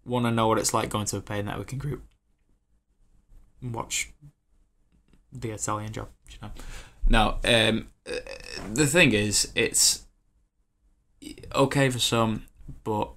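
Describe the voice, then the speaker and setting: A man in his twenties hosting a podcast, rambling in an animated, casual way with lots of fillers and acted-out quotes. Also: on the low side, slow, pauses often. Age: 20s. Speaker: podcast host.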